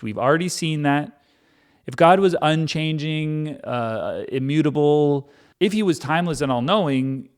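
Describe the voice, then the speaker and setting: A man's voice: mid-range voice, clean tone. A man reading the Bible aloud and commenting on it casually with a sarcastic, irreverent manner. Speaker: Bible reading channel host.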